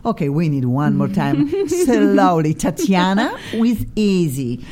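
A woman's voice: sing-song, unhurried, crowd noise. A woman with a Polish accent hosting a radio talk show from a studio, effusive and theatrical. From Poland. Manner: exuberant and theatrical, swooping pitch.

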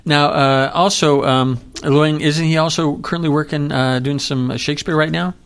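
A man's voice: on the high side, steady tone, normal speed, clear, resonant tone. A man co-hosting a casual talk show, teasing his partner and jumping into the conversation. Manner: teasing, jumps in often. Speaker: co-host. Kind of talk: casual chat.

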